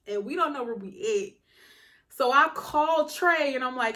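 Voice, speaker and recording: Brief: a young woman vlogger with a high voice, telling a personal story in a slangy, animated way. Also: unhurried. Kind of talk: storytime vlog.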